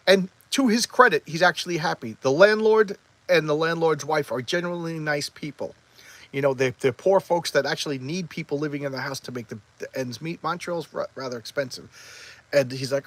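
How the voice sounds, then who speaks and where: A man casually reviewing a comic book, talking quickly and excitably with many restarts as he retells the story. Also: a little high, no echo, poor audio.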